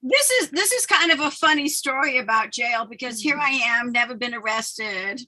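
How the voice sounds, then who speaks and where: A woman hosts a podcast in casual chat, telling a personal story with a lot of animation. Her voice is high and bright, and she rambles, restarting her sentences often. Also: normal speed. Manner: animated storytelling, frequent laughter. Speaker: podcast host.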